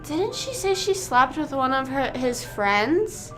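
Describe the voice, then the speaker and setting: A woman's voice: sits high, sing-song, takes it slowly, over music. A young woman livestreaming, rambling casually with lots of "like" fillers as she chats to her viewers. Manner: rambling, chatty, full of "like" fillers.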